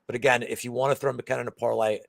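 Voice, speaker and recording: A man's voice: medium pitch, level tone, rapid-fire, creaky, no room sound. A man co-hosting a betting show in casual chat, rambling with lots of fillers and restarts.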